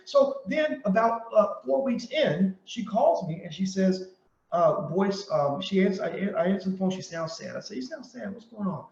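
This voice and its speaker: This commentator's high voice is creaky and darkish yet animated and fairly quick as he hosts a monologue. He hammers his points home through repetition and acts out quoted dialogue in stories, recorded with a roomy, dull lo-fi quality.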